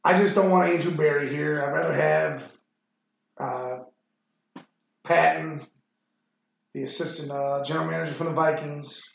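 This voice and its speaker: A man's voice: fairly high pitch, fairly even intonation, moderate pace, creaky, long pauses. A man hosting a casual sports chat podcast, rambling and swearing freely. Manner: rambling and profane, frequent fillers. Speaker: podcast host. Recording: echoey room, muffled sound.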